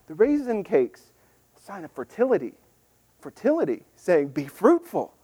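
A man preaching a sermon in a lively, conversational way, acting out the people in the scripture story in voices. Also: high-pitched, moderate pace, breathy edge. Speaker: pastor.

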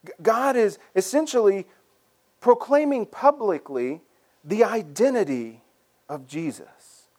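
A man preaching a sermon as pastor, in a conversational, animated way, often repeating words as he starts a phrase. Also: high-pitched, slow pace, long pauses.

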